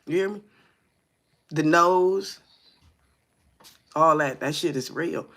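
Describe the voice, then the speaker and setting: Co-hosting a casual live talk show, a woman in her forties tells brash stories full of profanity and keeps checking whether her listeners hear her. Her low voice is fairly bright in tone and moves at a slow pace.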